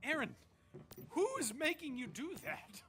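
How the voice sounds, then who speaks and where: Male host, high and lively voice, rambling and profane, reacting to clips on stream. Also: unhurried, over music. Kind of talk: casual commentary on clips.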